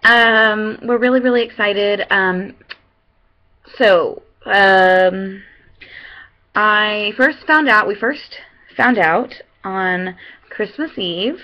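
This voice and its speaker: Bright-voiced young woman chatting on webcam. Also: mid-range voice, very slow, low-quality recording. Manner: chatty, many fillers and restarts. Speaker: vlogger. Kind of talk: casual personal vlog. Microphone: webcam on a computer.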